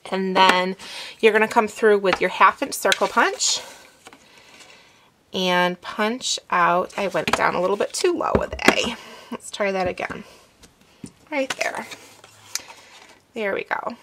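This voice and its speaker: A woman hosting a craft tutorial, explaining each step in a relaxed instructive way with some fillers as she works. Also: medium pitch, normal speed, background noise. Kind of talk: demonstration, talking while working.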